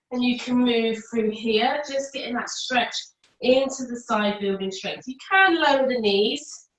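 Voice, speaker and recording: A woman leads a yoga flow and matches every cue to inhales and exhales. Her voice sits a little high, and she talks unhurriedly. She sounds distant from the mic, in a room that echoes. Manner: calm cueing that follows the breath, with counts and options. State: out of breath at times. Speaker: yoga teacher. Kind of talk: guided yoga class instruction.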